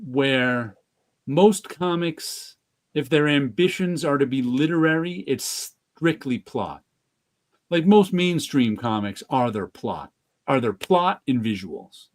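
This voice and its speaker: Man, New York accent, casual podcast chat, rambling, middle pitch. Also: animated, slow. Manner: rambling, with restarts and light laughs. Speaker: podcast co-host.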